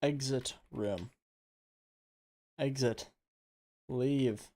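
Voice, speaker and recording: A man's voice: medium pitch, very slow, warm tone. A man on a casual livestream, reading a text game aloud and typing commands, swearing now and then. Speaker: streamer.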